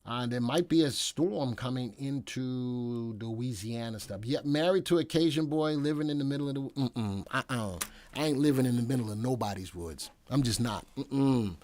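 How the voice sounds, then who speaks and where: A man's voice: medium pitch, moderate pace, darkish tone, dry recording. A man hosting a live stock market show, talking casually and wandering into joking asides. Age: adult, past military service.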